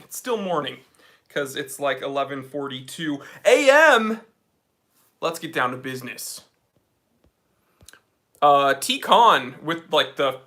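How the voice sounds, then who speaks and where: Upbeat young male streamer from New England, fairly high, crisp bright tone, chatting casually from an office. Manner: upbeat, reads viewer comments aloud. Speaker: livestream host. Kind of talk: casual livestream chat.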